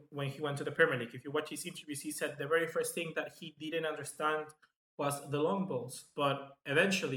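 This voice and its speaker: A man hosting live football match reaction commentary, chatty and excitable, reading out viewer comments. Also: fairly high pitch. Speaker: football fan channel host. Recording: echoey room.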